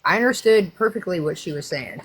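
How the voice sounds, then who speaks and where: A woman's voice: fairly low pitch, expressive, a little fast, husky. An American woman hosting a livestream, chatting casually in a rambling, frank and profane way. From United States. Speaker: livestream host. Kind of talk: casual chat.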